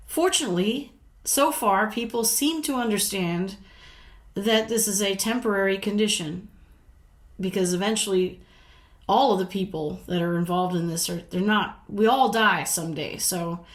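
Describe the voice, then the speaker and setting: A middle-aged woman from the United States talking casually to camera as a vlogger, frank and indignant, swearing freely and laughing between points. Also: medium pitch.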